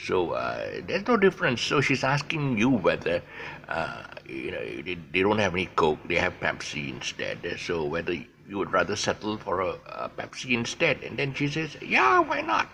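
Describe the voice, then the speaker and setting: An older man rambles through anecdotes, pausing often to hesitate. His voice is very low and gravelly but bright, and his pitch swings widely. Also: sing-song, a little hiss or hum. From Malaysia. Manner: hesitant, full of fillers, chuckling. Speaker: vlogger. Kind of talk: casual storytelling monologue.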